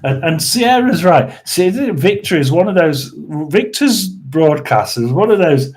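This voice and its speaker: A man hosting a tarot and paranormal live stream, chatting casually, rambling with lots of restarts and throat-clearing. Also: high voice, sing-song, measured pace, a little mellow. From United Kingdom.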